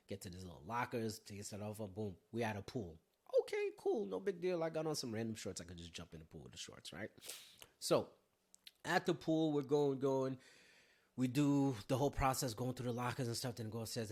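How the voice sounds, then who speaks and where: A man from Haiti hosts a solo podcast and spins casual stories in a voice of ordinary, middling pitch. He tells them with lively energy, swearing and laughing freely along the way. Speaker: podcast host.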